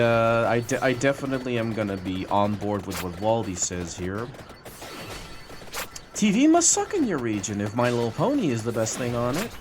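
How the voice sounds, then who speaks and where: A man's voice: mid-range voice, expressive, moderate pace, pauses often, background noise. A young man streaming live, chatting to his viewers and taunting a troll with profane mockery.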